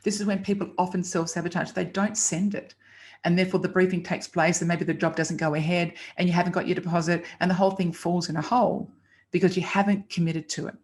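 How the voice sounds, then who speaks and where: A woman's voice: on the low side, little pitch movement, fast talker, a little mellow. A woman teaching about pricing in a chatty, emphatic way, acting out client dialogue as examples. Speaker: copywriting teacher. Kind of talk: casual instructional talk.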